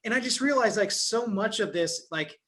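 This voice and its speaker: High bright-voiced male host. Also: lively intonation, moderate pace. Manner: laid-back, laughs along, rambling asides. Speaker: interview host. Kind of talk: casual interview conversation.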